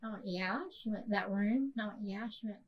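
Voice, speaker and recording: A woman, hosting a podcast and telling a personal story softly, with many fillers and restarts. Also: medium pitch, fairly even intonation, quick pace, highs cut off. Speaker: podcast host.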